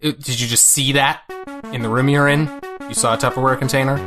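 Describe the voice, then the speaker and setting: A man of ordinary pitch co-hosting a podcast in an easygoing chat. He hesitates a lot, filling gaps with drawn-out fillers, then drops deadpan jokes. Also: music in the background. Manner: hesitant, full of "uh" fillers, dry humor. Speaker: podcast co-host.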